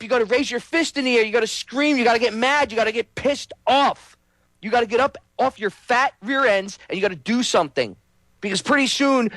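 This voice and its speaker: Angry high-voiced man ranting. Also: dry recording. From United States. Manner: angry, shouting, profane and preachy. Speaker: host. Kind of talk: angry political rant.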